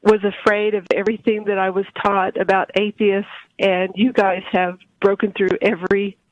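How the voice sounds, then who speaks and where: A woman in her late forties calls in to a talk show, hesitant and stammering with many restarts. Her mid-range voice shows little pitch movement at a moderate pace. The telephone line sounds dry and dull.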